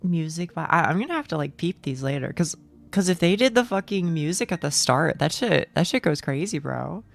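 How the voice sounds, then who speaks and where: A young woman streaming a game live, chatty and excitable, swearing freely and reading out chat. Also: sits low, fairly quick, gravelly.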